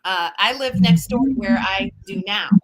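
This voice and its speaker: A woman's voice: mid-range voice, normal speed. A woman hosting a casual call-in chat, asking short encouraging questions and then telling her own story. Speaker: host.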